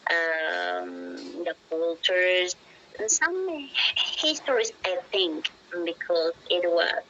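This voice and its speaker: A young Peruvian woman with a Peruvian Spanish accent speaks slowly and tentatively, stopping often to find her English words. Her voice sits a little low for a woman. The video-call recording sounds slightly dull, with a faint hiss behind it. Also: big pitch swings, bright, forceful tone. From Peru. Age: 20s. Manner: hesitant, searching for words, asks for repeats. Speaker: teacher. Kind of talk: casual English practice conversation.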